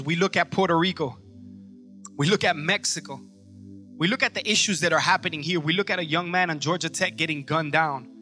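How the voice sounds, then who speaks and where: A man preaching a sermon in a church, moving between quiet, intimate passages and fervent, shouted climaxes. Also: on the high side. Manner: swings from soft to shouting and fervent. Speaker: pastor.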